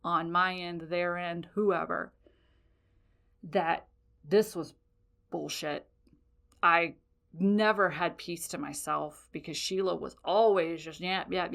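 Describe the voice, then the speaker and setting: A woman's voice: fairly low pitch, steady tone, measured pace, creaky, fairly bright tone. A woman in her forties hosting a podcast, telling a personal story in a blunt, profane, confessional way. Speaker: podcast host.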